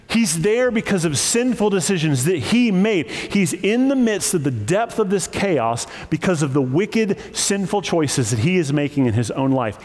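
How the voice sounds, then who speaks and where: A man preaching a sermon, lively and emphatic, with joking asides. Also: high-pitched, in a large hall. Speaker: pastor.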